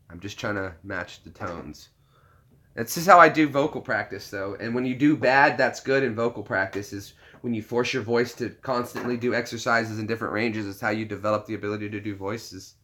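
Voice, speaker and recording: A man rambles through a casual live-stream chat, his voice bright and forward. He circles through fillers and restarts, teasing himself and laughing often as he talks to his viewers. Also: fairly low pitch, fairly quick. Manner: joking, self-deprecating, laughs often.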